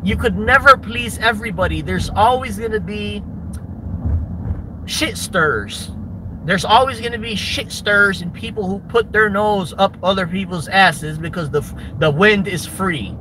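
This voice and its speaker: A man's voice: high-pitched, measured pace, background noise. A man telling a rambling parable to camera outdoors, repeating and restarting his phrases. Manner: rambling, repetitive, stammering restarts.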